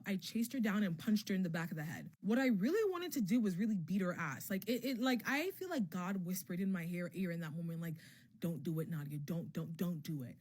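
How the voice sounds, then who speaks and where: A young woman casually telling a personal story for a vlog, candid and profane, with lots of filler words and an emotionally animated delivery. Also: medium pitch, slightly rough.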